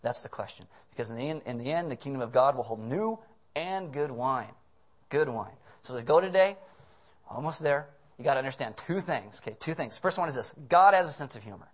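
A male pastor delivering a sermon to a congregation, joking and acting out little voices as he tells stories. His pitch sits in the middle range for a man, and his delivery is lively and conversational. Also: brisk. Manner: humorous, animated storytelling with acted voices.

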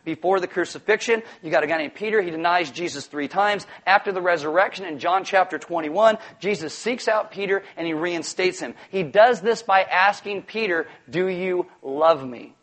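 Pastor, male, middle-aged, high voice; animated, jokey sermon delivery with acted-out asides. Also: brisk, hardly any pauses.

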